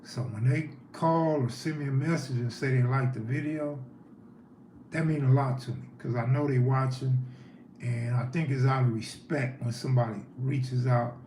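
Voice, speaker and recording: A man with a medium-pitched, dark voice talks at normal speed in a steady tone while hosting a casual stream. His delivery is loose and he reacts to chat. The recording has room echo and faint noise behind it.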